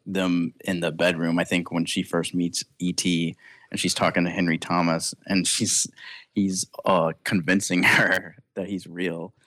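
A man with a very low voice chats about a movie on a podcast. He sounds upbeat and chuckles often as he talks. The sound is dry and close, with no room around it. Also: a bit bright, no room sound. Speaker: podcast co-host. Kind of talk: casual podcast film chat.

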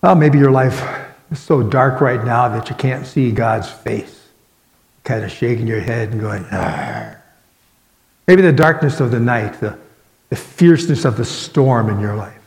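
A man preaching a sermon as pastor, earnest, with dramatic pauses. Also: medium pitch. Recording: echoey hall with long reverb.

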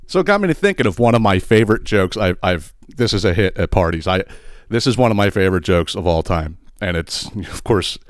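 Man, podcast host, rambling profane storyteller, low voice, dry sound. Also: no echo. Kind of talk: casual comedic storytelling.

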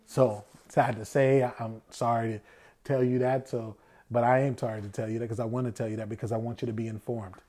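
Mellow-voiced man preaching conversationally. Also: medium pitch, level tone, fairly quick. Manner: asks rhetorical questions and answers them himself; acts out quoted voices. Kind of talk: conversational sermon.

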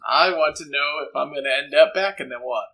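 A man's voice: on the high side, fast, gravelly, bright, forceful tone. A man playing in a tabletop game, casual and swearing now and then. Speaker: player. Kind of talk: tabletop role-play chat.

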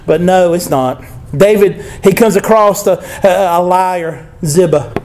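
High-voiced, emphatic man preaching a sermon. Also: measured pace, a little mellow, slight background noise. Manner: emphatic, conversational, with frequent asides and call-outs to the congregation. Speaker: pastor.

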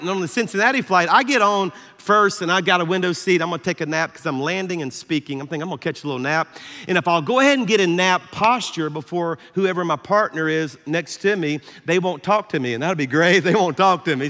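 A man with a Southern American accent preaching a sermon as pastor, telling a story in an animated, self-deprecating way and laughing often. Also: high voice. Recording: echoey hall reverb.

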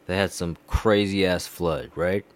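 Slow, heated swearing man. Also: low-pitched, steady tone. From India. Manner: heated, swearing, repeats himself. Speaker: commentator. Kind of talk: profane political rant.

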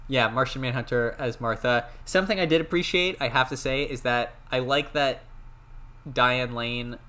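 A young man co-hosts a casual movie podcast, his voice bright and forward. He chats animatedly, sharing trivia and acting out little mock quotes. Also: medium pitch, moderate pace, clear, resonant tone. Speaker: podcast co-host.

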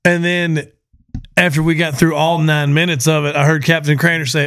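A man with a fairly high voice hosts a casual podcast. He tells his stories in an animated, profane way and laughs a lot as he goes. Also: normal speed. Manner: profane, animated storyteller who laughs often. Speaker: podcast host. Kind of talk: casual storytelling chat.

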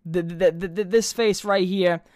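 A man's voice: sits high, steady tone, measured pace, a little mellow, no room sound, studio quality. A young man of about twenty with a New York accent, rambling crudely in casual chat and restarting his words over and over.

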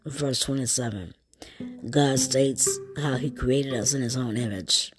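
A woman with a low, unhurried voice reads a children's story and preaches informally between passages. She talks in a folksy way and calls the listener "baby", while plucked guitar music plays clearly underneath. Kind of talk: bedtime story reading and informal sermon.

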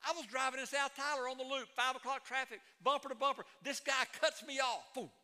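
A man's voice: extremely high pitch, a little fast, pushed and bright, clear, resonant tone, in a large hall. A middle-aged man preaching a sermon as a pastor, moving between folksy stories and emphatic proclamation.

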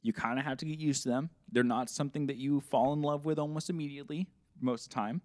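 Male podcast co-host, mid-pitched, loose rambling chat, dry sound. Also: fast, darkish tone, no echo. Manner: rambling, swears freely, acts out quoted voices. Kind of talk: casual chat.

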